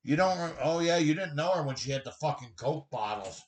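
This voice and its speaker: A man's voice: on the high side, animated, a little fast, roomy sound, crowd noise. A man co-hosting a podcast, chatting casually with crude, profane teasing. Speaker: podcast co-host. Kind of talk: casual chat.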